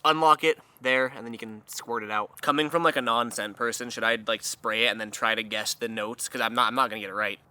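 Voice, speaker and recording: A man's voice: medium pitch, steady tone, fast, hardly any pauses, pushed and bright, clean tone. A man in a casual vlog, talking in a playful, self-deprecating way and chuckling often while reading sponsor copy. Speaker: vlogger doing a sponsored segment.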